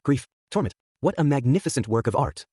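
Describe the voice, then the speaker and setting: A man's voice: mid-range voice, big pitch swings, a little fast, warm tone, breathy edge, no echo, clean studio sound. A man voicing a cruel, gloating male villain with wax powers, in a mocking, taunting tone.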